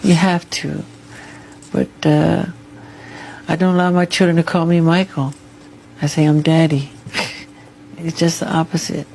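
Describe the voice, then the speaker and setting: A man giving a television interview. He speaks softly and haltingly. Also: on the high side, little pitch movement, gravelly, rough recording.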